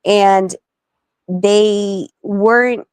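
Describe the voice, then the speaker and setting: A woman guest on a talk stream, speaking bluntly, swearing freely and telling stories quickly. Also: mid-range voice, steady tone, smooth, no echo. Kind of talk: casual talk-show chat.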